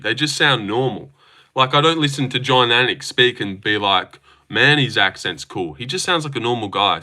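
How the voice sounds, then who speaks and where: A man's voice: medium pitch, sharp tone. A young man with an Australian accent hosting a casual livestream, joking, swearing freely and reading chat aloud. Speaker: streamer host.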